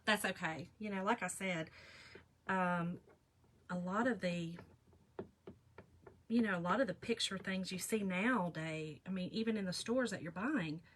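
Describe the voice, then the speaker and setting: A woman's voice: lowish voice, measured pace, pauses often, a bit bright, slight background noise. A middle-aged woman, chatting and rambling to viewers while she crafts on a live stream. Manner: chatty, rambling, laughs often, talks to viewers directly. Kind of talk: casual chat while crafting.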